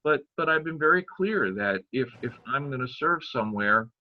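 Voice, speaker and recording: An older man, a pastor, chatting casually on a podcast, telling stories and halting jokes and sometimes losing his place. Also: mid-range voice, animated, phone-quality sound. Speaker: pastor and guest father.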